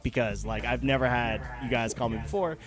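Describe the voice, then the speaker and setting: A man hosting a casual live chat, telling stories in an animated way and swearing freely. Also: medium pitch, fairly quick, music in the background. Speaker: show host.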